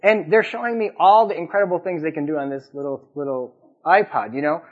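A man's voice: fairly high pitch, fairly quick. A man giving a conversational sermon, telling anecdotes and asking the audience questions. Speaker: Islamic preacher. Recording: dull lo-fi recording.

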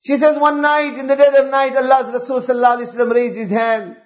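A man's voice: very high-pitched, little pitch movement, fast, highs cut off. A male preacher giving an impassioned sermon, piling up repeated rhetorical questions.

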